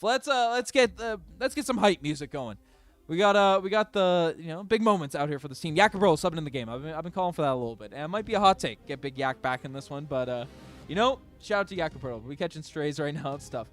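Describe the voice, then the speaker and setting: Excitable fan streamer calling basketball, crisp voice. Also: male voice, on the high side, quick pace. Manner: excitable, biased home-team fan chatting with his chat. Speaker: streamer doing live play-by-play. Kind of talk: fan play-by-play livestream commentary.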